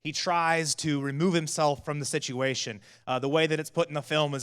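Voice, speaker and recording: A man's voice: a little high, fairly even intonation, a little fast, hardly any pauses, fairly bright tone, smooth. A man who is a teaching pastor, giving a sermon in a casual storytelling way with many fillers. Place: church hall. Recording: long church hall reverb.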